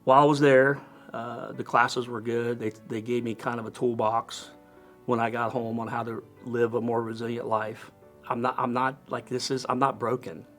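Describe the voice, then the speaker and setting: A middle-aged man, a firefighter lieutenant, giving an earnest, halting personal testimony with many pauses and restarts. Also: medium pitch, little pitch movement, fairly bright tone, soft background music.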